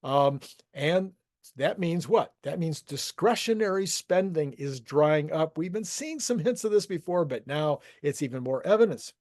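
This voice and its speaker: On a solo economic commentary show, a market commentary host thinks aloud in a casual, conversational way, restarting frequently. His voice is on the high side, expressive, a little mellow and unhurried, captured in a dry, clean studio recording.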